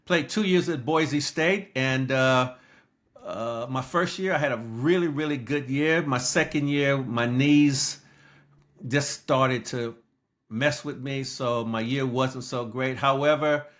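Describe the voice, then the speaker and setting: A man's voice: mid-range voice, slow, fairly bright tone. A man in his sixties from Los Angeles, a guest telling his story in an interview and acting out quoted lines. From Los Angeles, United States. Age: 60s.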